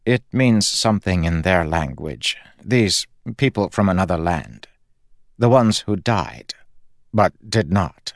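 A man voicing a frail, fading male god who speaks in halting, pleading phrases. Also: low voice, animated, vocal fry, dry recording, studio quality, heavily acted. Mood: wistful.

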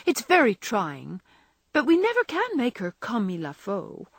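A prim, fussy young girl puts on her most grown-up tone, as a woman reader voices her. Her voice sits higher and swoops expressively, slightly husky, in a dry recording. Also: wildly swooping pitch, measured pace, no echo, full character voice.

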